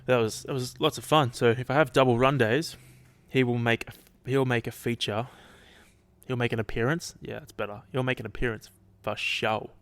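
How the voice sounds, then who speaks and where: A man's voice: medium pitch, steady tone, normal speed, a bit bright, dry recording. A man hosting a casual solo podcast, rambling, restarting sentences and swearing offhandedly, his throat a little dry. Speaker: podcast host.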